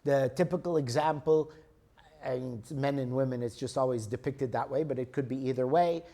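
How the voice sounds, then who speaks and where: A man's voice: mid-range voice, moderate pace, mellow. A man giving a lecture and answering an audience member, explaining patiently and often checking in with "okay?" and "right?". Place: lecture room.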